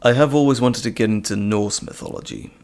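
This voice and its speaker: ざらついた声の男性配信者. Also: male voice, lowish voice, brisk, creaky. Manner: relaxed, rambling, chuckling. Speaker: host. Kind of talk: casual live stream chat.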